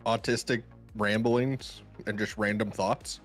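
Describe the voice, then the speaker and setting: Lower-voiced man with dry teasing quips. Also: fairly even intonation, slow pace, faint music behind. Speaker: podcast co-host. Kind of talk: casual live-stream chat.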